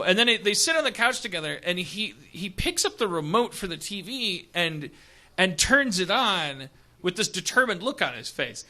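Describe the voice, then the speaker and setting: A man's voice: sits high, very animated, normal speed, bright, forceful tone. A man hosting a podcast who tells a comedic story in a rambling way and laughs as he talks. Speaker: podcast host. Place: stage before a live audience. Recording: live show with audience.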